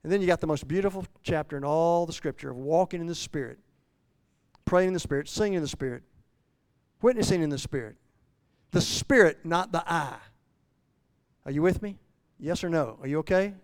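A pastor in his sixties delivers a folksy sermon full of restarts and self-deprecating asides, getting loud and high when he voices a struggling believer. He speaks at normal speed with long pauses in a clear, resonant tone, and the recording is dry.

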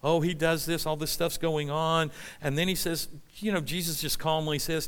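A man's voice: on the high side, moderate pace, fairly bright tone, clear, resonant tone. A man preaching a conversational sermon, reading scripture and acting out voices. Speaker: pastor.

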